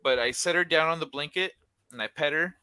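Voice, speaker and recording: A man's voice: a little high, a little fast, bright, forceful tone, smooth, no echo. A young man co-hosting a casual chat, telling a long story in a rambling way full of "like" and restarts, with a casual curse here and there. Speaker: podcast co-host.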